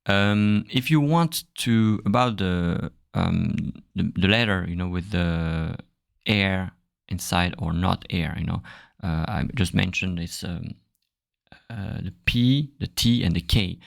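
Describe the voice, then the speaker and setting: A man with a French accent, a native French speaker, hosting a casual podcast lesson and repeating sounds aloud in a halting way. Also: low-pitched, creaky, no echo, studio quality. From France. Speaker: language teacher podcast host.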